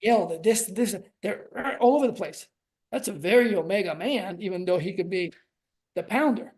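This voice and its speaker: A man's voice: high-pitched, expressive, normal speed, darkish tone. A man speaking as a relationship coach on a podcast, earnest and reflective, stretching out key words for emphasis. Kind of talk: reflective conversational podcast talk.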